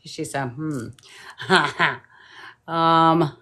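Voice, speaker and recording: A chatty middle-aged woman with a somewhat low voice, casually reading tarot cards for viewers on a live stream. She greets people by name and mutters little asides to herself between readings. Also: drawn-out words, fairly bright tone. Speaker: tarot card reader.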